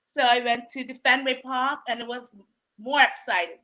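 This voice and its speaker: A woman from Bermuda chats as a podcast guest, her voice bright, clear and a little high. She tells her stories with lively energy and laughs often, coming through a video call. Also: moderate pace. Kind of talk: casual chat.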